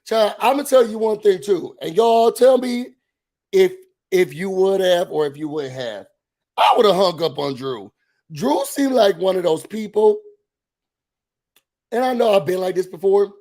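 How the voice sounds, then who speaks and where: Gossipy man with a high voice. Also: unhurried. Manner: animated, gossipy, talks straight to viewers. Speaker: reality show recap host. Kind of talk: casual reality TV recap commentary.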